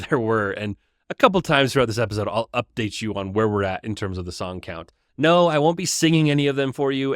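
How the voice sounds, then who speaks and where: A man hosting a casual, chatty retelling of a book, lively in his telling. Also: mid-range voice, no room sound, clean studio sound. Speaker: host.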